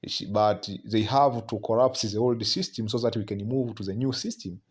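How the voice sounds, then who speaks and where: A lowish, slightly rough male voice carries a conversational sermon on prophecy. He keeps stumbling over repeated words, reads scripture aloud between remarks, and tags his lines with "man."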